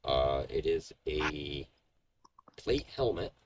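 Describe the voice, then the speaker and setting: Very deep-voiced man as game master. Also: animated, slow, noisy background. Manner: rambling, many ums and restarts. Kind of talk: narrating a tabletop game.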